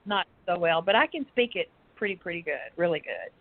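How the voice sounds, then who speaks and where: A woman's voice: lowish voice, lively intonation, fairly quick, no room sound. An older woman with a Texas accent, a guest on a talk show, chatting in a rambling way and laughing often. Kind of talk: casual chat on a radio talk show. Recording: tinny phone line.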